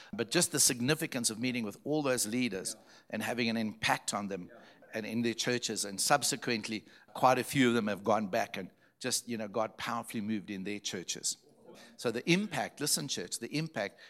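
Male pastor, from Zimbabwe, storytelling sermon, emphatic with repeated phrases, mid-pitched voice. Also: moderate pace, fairly bright tone.

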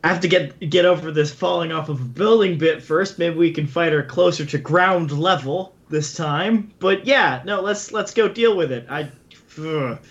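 A man playing his character in a tabletop role-playing game, talking in a wry, drawn-out way. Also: a little high, dull audio. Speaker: player.

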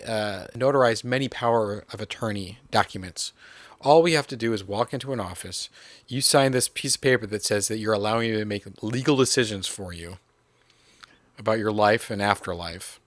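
A man's voice: lowish voice, moderate pace, dry recording. Teasing man co-hosting a podcast. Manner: teasing, playful banter. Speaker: podcast co-host. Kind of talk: casual chat.

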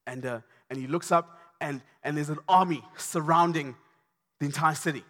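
A man preaching a sermon, passionate and repetitive, building to shouts. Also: fairly high pitch, normal speed. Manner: impassioned, repetitive, rising to shouts. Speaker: pastor.

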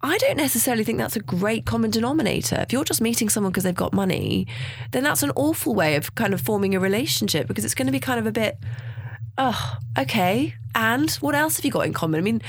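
A woman's voice: on the high side, creaky, slightly rough, no room sound. A woman, the founder of a dating agency, chatting animatedly in a studio interview. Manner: chatty and animated, quick asides, bursts of laughter. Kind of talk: casual interview chat. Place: small cosy studio.

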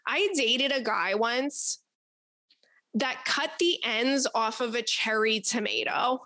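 A young woman hosts a casual advice podcast with a fairly high voice. She rambles through her stories in an animated way and swears freely. The recording is dry and close to the mic. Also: slow, dry recording. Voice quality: animated, profane, rambling storyteller. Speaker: podcast host.

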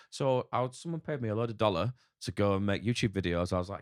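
A man with a northern English accent talks in a very low, deep voice, blunt and full of swearing. He rambles through a casual podcast chat as a chef guest. The sound is dry and close. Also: quick pace, few pauses, dry recording. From north of England. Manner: swears a lot, frank and rambling.

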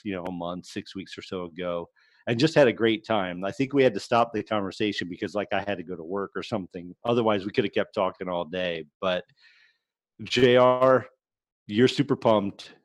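A man with a fairly low voice co-hosting a podcast, talking with eager enthusiasm. The sound is close and dry, with no room echo. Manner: excited, enthusiastic. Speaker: podcast co-host. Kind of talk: casual chat.

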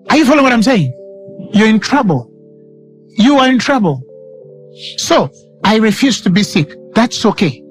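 Male preacher, high voice, very animated pitch, emphatic sermon delivery, faint music behind. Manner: emphatic, repeats lines for stress, quotes scripture dramatically.

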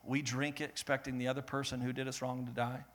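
A young man preaching a sermon, animated and laughing, rising to loud peaks and dropping to a soft, earnest tone. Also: medium pitch, quick pace. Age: young adult. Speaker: pastor.

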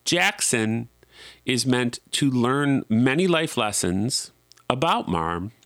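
A man's voice: medium pitch, expressive, slow, a bit bright, dry recording, clean studio sound. A middle-aged man telling a rambling, self-deprecating, exasperated story in a casual monologue.

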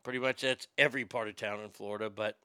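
A man's voice: fairly low pitch, fairly even intonation, quick pace, bright, forceful tone, clear, resonant tone, no room sound. A man hosting a casual comedic chat, wisecracking about odd news stories. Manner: wisecracking, drifting into mocking bits.

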